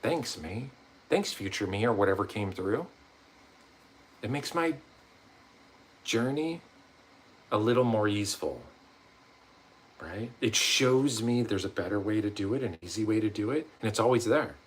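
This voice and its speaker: Slightly rough and on the low side, a man's voice carries a rambling, casual motivational vlog at normal speed with frequent pauses. He swears a lot and acts out quotes from himself and others in different voices.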